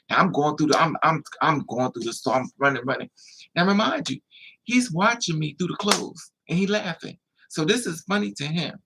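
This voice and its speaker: A man hosting a livestream, telling a personal story in a casual, animated way and acting out the voices of the people in it. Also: on the high side, a little fast, slightly rough, rough recording. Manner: animated, acts out quoted voices.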